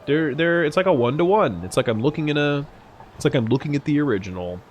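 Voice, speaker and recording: A man's voice: fairly high pitch, expressive, quick pace, a little hiss or hum. A young man live-streaming a game, chatting casually with lots of swearing and jokes. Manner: casual, profane, joking. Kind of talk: live-streamed gameplay commentary.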